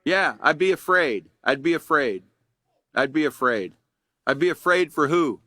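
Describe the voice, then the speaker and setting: Man, middle-aged, folksy classroom instructor, bright tense voice. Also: a little high, lively intonation, unhurried, dry recording. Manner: folksy, conversational, asks the class questions. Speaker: anger management instructor. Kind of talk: casual classroom teaching.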